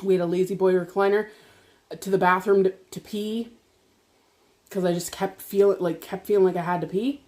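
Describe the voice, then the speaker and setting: A woman vlogger telling a personal story while eating dinner, chatty and animated, laughing often and swearing casually. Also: medium pitch, moderate pace. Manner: animated, talks to viewers directly.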